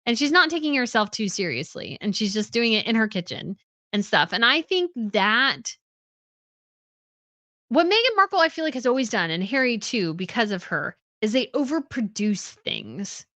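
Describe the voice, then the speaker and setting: Lively, bright-voiced woman hosting a livestream. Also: fairly high pitch, moderate pace, dry recording. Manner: chatty, with fillers and soft laughs. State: tired. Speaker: host. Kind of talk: casual livestream chat reading comments.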